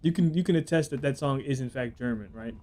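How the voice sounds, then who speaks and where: A man's voice: medium pitch, fast, dark tone, slight background noise. Profane, rambling young male game streamer. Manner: rambling, profane, reads chat aloud and jokes. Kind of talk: casual live gameplay commentary.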